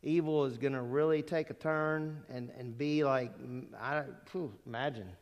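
A man's voice: medium pitch, fairly even intonation, moderate pace, lo-fi sound. A middle-aged man preaching a sermon in a church, talking in a conversational way with rhetorical questions and asides. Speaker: pastor. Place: church sanctuary. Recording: long reverb of a church hall.

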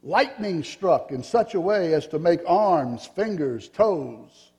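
A man's voice: on the high side, expressive, slow pace, a little mellow, in a large hall. A man reading a storybook aloud to a group of children, telling it expressively.

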